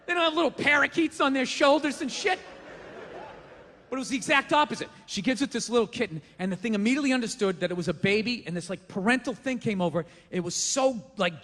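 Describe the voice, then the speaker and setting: A man doing a stand-up comedy routine, telling a story in a loud, exasperated, profane way at a live venue. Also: high voice. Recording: live stage mic in a hall.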